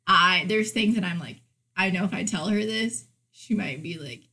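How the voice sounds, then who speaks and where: Twenty-something woman on a podcast, dramatic, swears a lot, mid pitch. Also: moderate pace, bright, forceful tone. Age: 20s. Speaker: podcast co-host. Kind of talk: casual chat.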